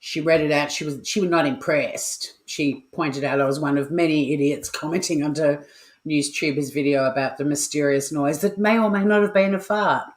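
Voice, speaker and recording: A woman's voice: low-pitched, steady tone, moderate pace, roomy sound. An Australian woman hosting a casual cooking livestream from her kitchen, chatty and playful, swearing freely and making asides to her viewers. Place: home kitchen. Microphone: home mic.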